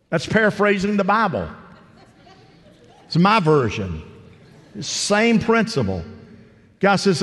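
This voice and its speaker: Male pastor, somewhat higher voice, folksy preaching, lingering hall reverb. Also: lively intonation, moderate pace. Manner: conversational preaching, acts out parable voices. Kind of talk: sermon. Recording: long reverb of a large hall.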